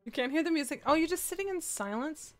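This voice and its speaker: A woman's voice: sits high, lively intonation, fast talker, faint music behind. A woman streamer chatting casually with her viewers, giggling and throwing meows between her sentences. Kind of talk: casual livestream chat.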